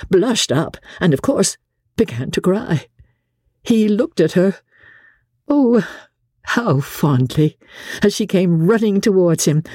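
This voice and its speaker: Low, husky woman narrating a novel. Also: dry recording, studio quality. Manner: expressive, storytelling delivery. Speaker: audiobook narrator. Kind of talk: scripted narration of a classic novel.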